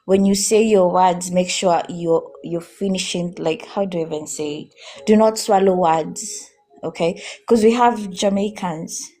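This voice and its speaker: A Kenyan woman on a live-streamed interview, giving coaching advice on speaking calmly and clearly. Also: fairly low pitch. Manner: coaching, demonstrates calm versus rushed speaking. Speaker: guest. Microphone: phone or video call.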